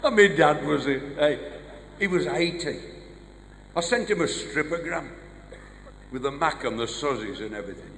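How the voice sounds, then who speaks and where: A man's voice: fairly high pitch, lively intonation, moderate pace, gravelly, long pauses, a bit bright. A man with a Black Country accent doing a live stand-up routine, firing off one-liners and short gag stories in a large venue. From English West Midlands. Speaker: stand-up comedian. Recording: live hall reverb, faint noise.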